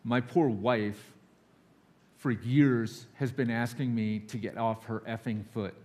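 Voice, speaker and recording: A man speaking from a church pulpit as a guest preacher. He sounds candid and a little nervous, confessional in tone, and he slips into quick acted-out voices for the people in his examples. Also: medium pitch, steady tone, darkish tone, slight background noise. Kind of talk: sermon. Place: church sanctuary.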